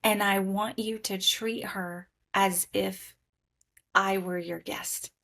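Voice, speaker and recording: A woman's voice: mid-range voice, slow pace, vocal fry. A woman sharing her life story as a podcast guest, speaking candidly and acting out what people said to her. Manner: animated storytelling, acting out quoted voices. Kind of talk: candid personal testimony.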